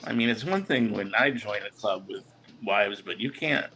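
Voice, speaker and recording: A man's voice: lowish voice, expressive, background noise. A man chatting casually as a guest on a live stream, stumbling over his words and teasing the host. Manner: halting, fumbling for words, teasing and laughing. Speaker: chat guest. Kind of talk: casual chat.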